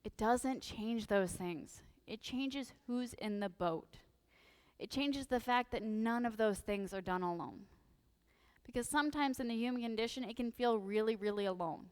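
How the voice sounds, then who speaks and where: A woman priest giving a lively, humorous sermon in a church, full of animated, sarcastic asides. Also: fairly high pitch, normal speed, smooth, long reverb tail. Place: church sanctuary.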